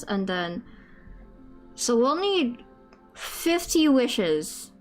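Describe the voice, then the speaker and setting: A woman live-streaming a game, chatting casually, with loud swearing outbursts and quiet muttered sums. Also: mid-range voice. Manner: excitable, loud outbursts and swearing, then muttering math to herself.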